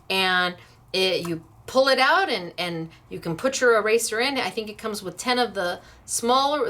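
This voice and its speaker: A woman's voice: medium pitch, fairly bright tone. A woman hosting a casual craft demonstration, chatty and upbeat, laughing easily as she works. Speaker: craft shop host.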